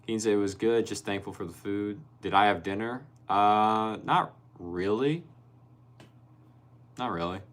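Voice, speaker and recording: A man's voice: lowish voice, a little slow. A young man hosting a casual livestream, reading viewer comments aloud and laughing often. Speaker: livestream host reading chat. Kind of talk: casual live-stream chat.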